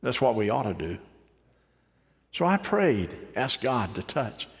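A male pastor preaching a sermon in a folksy, animated way, asking his congregation questions. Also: medium pitch, a little slow, slightly rough, in a large hall.

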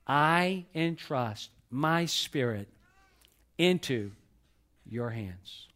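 A middle-aged man preaching a sermon to his church, swinging between loud emphatic peaks and soft hushed lows. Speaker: pastor. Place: church sanctuary.

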